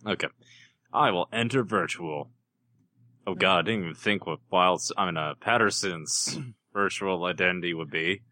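Deep voiced guy playing a tabletop game, crisp bright tone, jokey. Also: normal speed, dry recording, studio quality. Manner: playful, laughs at his own jokes. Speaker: player. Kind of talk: casual chat during a tabletop game.

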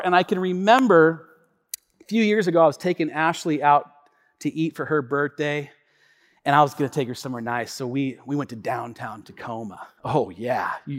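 Animated male pastor telling a story. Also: a little high. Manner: animated and conversational, many asides and repetitions. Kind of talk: storytelling sermon. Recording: reverberant church hall.

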